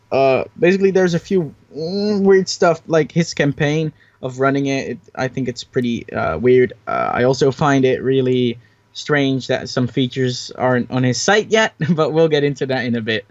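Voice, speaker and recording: A young man hosts a casual gaming podcast, hedging with fillers and restarting his sentences as he gives his opinions. His voice sits at a middle pitch. It comes through a dull, lo-fi mic in a dry space with no echo. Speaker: podcast host.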